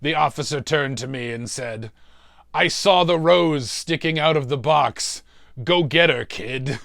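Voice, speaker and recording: A man's voice: fairly high pitch, fairly bright tone, dry recording, clean studio sound. A man playing a demonic torturer who hosts a mystery show and tells a comic story about suffering. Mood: wry. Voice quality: gravelly, slow, relishing talk of suffering. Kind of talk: comedic in-character storytelling.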